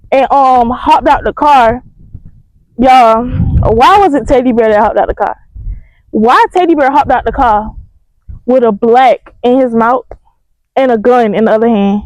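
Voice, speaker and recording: High-voiced young woman telling a storytime. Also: no room sound. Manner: animated, slangy, addresses viewers as y'all. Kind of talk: casual storytime vlog. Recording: dry, slightly dull mic sound.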